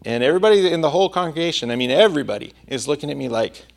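A man's voice: a little high, expressive, very fast, creaky. A male preacher delivering a sermon, telling a personal story in a conversational manner.

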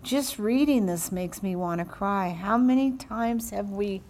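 Slow, fervent woman preaching. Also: medium pitch, a little mellow. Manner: slow, emphatic delivery with fervent prayer. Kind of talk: sermon with prayer and scripture reading.

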